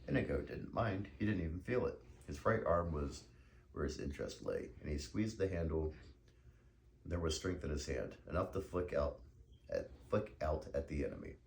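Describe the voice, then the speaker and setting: A man narrates a novel in a measured, unhurried storytelling manner. His voice is extremely low and gravelly. A faint noise sits under the recording. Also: expressive. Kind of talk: reading a novel aloud.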